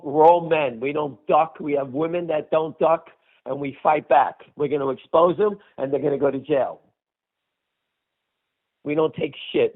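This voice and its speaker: An older man hosting a conference call, ranting angrily and bluntly with heavy swearing, with a cough. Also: on the high side. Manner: angry, profane, blunt. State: has a cough. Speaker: host. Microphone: phone call. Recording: tinny phone line.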